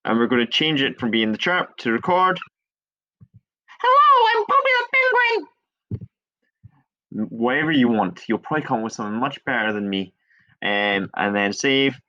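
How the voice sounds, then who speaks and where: A man runs through a programming tutorial step by step, talking fairly quickly at a medium pitch. Chatty and laid-back, he waves away his small errors. The screen recording has a dull, lo-fi quality.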